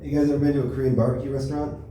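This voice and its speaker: Young male stand-up comic, deep and mellow, deadpan; club recording, roomy and far off. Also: very fast. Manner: deadpan one-liners with lots of filler words. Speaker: stand-up comic at an open mic. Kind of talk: stand-up comedy set. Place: comedy club stage. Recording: echoey club, distant mic, faint noise.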